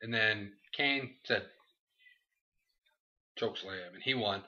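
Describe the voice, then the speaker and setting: A man co-hosting a casual comedy chat, recapping wrestling matches in a goofy, animated way. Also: medium pitch, brisk. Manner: animated, breaks into goofy impressions and shouts. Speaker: podcast co-host recapping wrestling. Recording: lo-fi dull recording.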